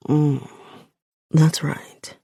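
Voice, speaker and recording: A woman voicing a commanding man with a low, raspy, growling voice. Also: level tone, extremely slow, mellow, no room sound, studio quality, full character voice.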